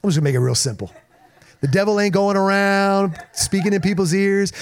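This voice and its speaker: Energetic preaching man, slightly high voice. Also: fairly quick. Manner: energetic preaching with repetitions and call-outs to the congregation. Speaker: pastor. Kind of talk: sermon. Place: church in front of a congregation.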